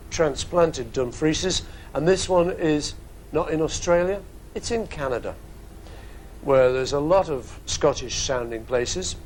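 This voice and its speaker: A man's voice: on the high side, slight background noise, rough recording. Jokey Liverpool man in his fifties. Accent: Liverpool English. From England. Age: 50s. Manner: jokey, chatty, wandering asides. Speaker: host answering fan questions. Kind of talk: casual webcast Q&A. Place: studio.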